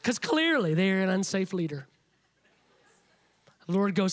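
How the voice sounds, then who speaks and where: A man delivering a sermon in a strikingly high voice. He is emphatic and stacks repeated phrases to build each point. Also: very animated, measured pace, long pauses. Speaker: preacher.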